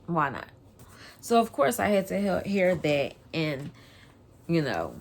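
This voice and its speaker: A woman vlogger, casually telling a personal story in an animated way and getting loud when she relives the scene. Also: deep voice, unhurried, a little hiss or hum.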